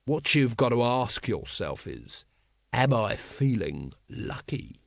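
A man voicing a hard-bitten middle-aged watch captain who speaks slowly and softly, with quiet menace, in an audiobook reading. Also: mid-range voice, animated, no room sound, studio quality. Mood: quietly menacing. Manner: soft, slow, menacing delivery. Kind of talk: audiobook character voice.

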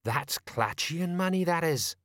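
A man's voice: on the high side, expressive, a little slow, a bit bright, dry recording, studio quality, pitched above the performer's own voice. A man voicing a self-important, blustering male watch sergeant in an audiobook. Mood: pompous. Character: pompous know-it-all male watch sergeant.

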